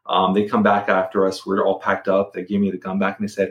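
A man's voice: fairly low pitch, level tone, fast talker, hardly any pauses, reverberant. A middle-aged man telling a personal story as a podcast guest. He talks casually, repeats words and restarts sentences.

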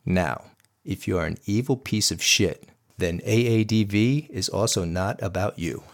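A man's voice: on the low side, measured pace, gravelly. Blunt, emphatic podcast host, a man. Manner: blunt and emphatic, with crude language. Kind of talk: scripted podcast monologue.

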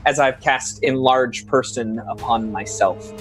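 A man playing a tabletop game, narrating his character's moves with drawn-out dramatic flair. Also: mid-range voice, faint music behind. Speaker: player.

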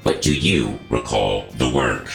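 A man's voice: a little slow, heavily acted. A man voicing a cold alien male entity who collects human relics, speaking in a formal, detached, clinical way. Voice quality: very deep and gravelly. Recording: roomy recording with music behind.

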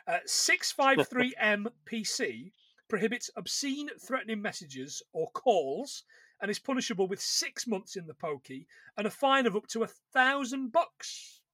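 A man with a high, bright voice tells stories in loose, rambling podcast chat. He often breaks off and restarts his sentences. The sound is dry and close, with no room around it. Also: very animated, measured pace, no echo. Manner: chatty storyteller, rambling with restarts and laughs. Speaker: podcast co-host. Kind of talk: casual chat about films.

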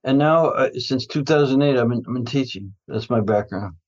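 A man's voice: medium pitch, a little fast, highs cut off. A man who is a guest in a casual interview, telling stories about his health practice in a rambling way, often restarting his sentences and laughing.

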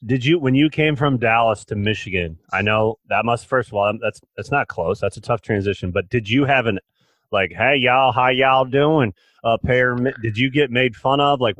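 A man's voice: mid-range voice, fairly bright tone, no echo. A man hosting a podcast, chatting in a playful, joking way with many restarts. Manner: playful, jokey, lots of restarts. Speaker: podcast host. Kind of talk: casual interview chat.

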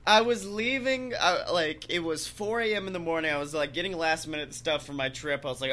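Bright-voiced young man telling stories. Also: on the high side, brisk. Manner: animated storytelling, acting out quoted people. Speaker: podcast host. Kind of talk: casual chat.

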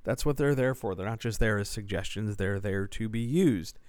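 A man's voice: on the low side, moderate pace, a little mellow, clean tone, dry recording. A man who works as a writing coach and editor, answering listener questions in a casual podcast, talking things through with fillers and restarts. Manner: conversational, explanatory, with fillers and restarts.

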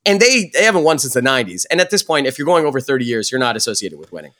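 Animated man ranting on a podcast. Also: mid-range voice, very fast. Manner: animated, swearing, mocking rants with fillers. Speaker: podcast co-host. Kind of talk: casual chat.

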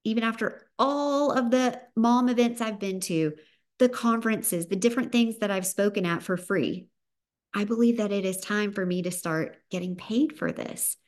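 A woman's voice: medium pitch, moderate pace. A woman in her thirties with a Southern US accent, hosting a motivational podcast in an upbeat, emphatic pep-talk manner. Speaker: podcast host.

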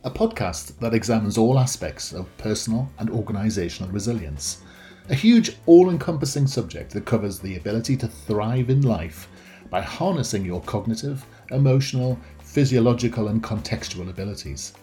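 A man hosting a podcast, talking in a measured, reflective way with frequent fillers as he introduces and questions a guest. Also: on the low side, lively intonation, warm tone, soft background music. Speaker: podcast host. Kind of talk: conversational interview.

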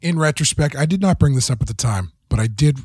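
Husky, lively-voiced wry podcast co-host. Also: male voice, a little high, fast talker, dry recording. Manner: wry, joking. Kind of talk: casual chat.

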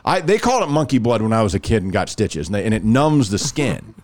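Animated man telling a story. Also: lowish voice, quick pace. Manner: animated, acts out quoted dialogue. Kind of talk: casual storytelling chat.

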